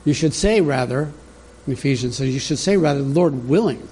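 Male pastor, mid-pitched and warm, easygoing conversational sermon delivery. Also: lively intonation, a little fast, a little hiss or hum. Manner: conversational, teaching from an outline, talks directly to the congregation.

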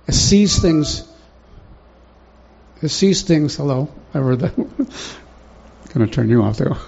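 Gravelly, dark-voiced male preacher. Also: fairly high pitch, animated, slow. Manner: conversational, asks the congregation questions. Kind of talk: sermon. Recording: dull lo-fi recording.

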